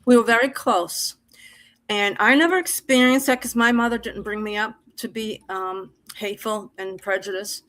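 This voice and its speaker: A woman's voice: mid-range voice, moderate pace, fairly bright tone, low-quality recording. A middle-aged woman from Massachusetts, telling a personal story on an open mic stream in an emphatic, heartfelt, rambling way.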